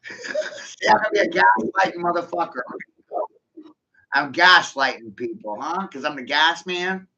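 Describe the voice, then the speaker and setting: A man's voice: fairly high pitch, expressive, moderate pace, sharp tone. Brash profane man ranting, dull audio. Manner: provocative, laughing often, swearing. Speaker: vlogger. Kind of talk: rambling profane monologue.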